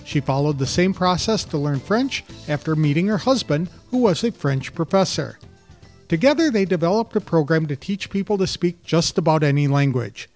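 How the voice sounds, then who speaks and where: A man's voice: fairly high pitch, expressive, normal speed, a little mellow, soft background music. An older man hosting an interview podcast, reading an earnest scripted introduction before chatting with his guest. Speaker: podcast host.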